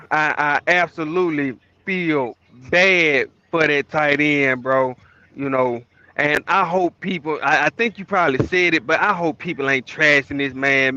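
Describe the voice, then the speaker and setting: A man calling in to a sports podcast, a former athlete, talking haltingly with lots of "man" and "bro". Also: on the high side, pushed and bright, dry recording, lo-fi sound. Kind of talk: casual call-in chat.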